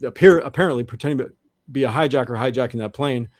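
A man's voice: mid-range voice, fast, a little mellow, no room sound, studio quality. A man as an interview guest, talking in an earnest monologue that often repeats and restarts. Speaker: guest researcher.

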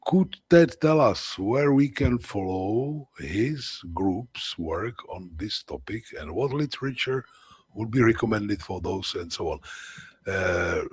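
Host, male, Czech accent, low husky voice with lively swings in pitch, short replies, dry sound. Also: takes it slowly, dry recording. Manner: brief acknowledgments, reads viewer comments. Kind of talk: interview hosting.

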